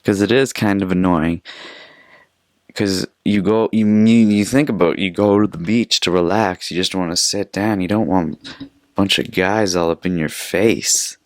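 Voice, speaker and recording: A man's voice: low-pitched, moderate pace, no room sound, studio quality. A young man from Canada hosting a casual solo podcast, telling stories in a rambling, profane, chatty way. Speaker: podcast host.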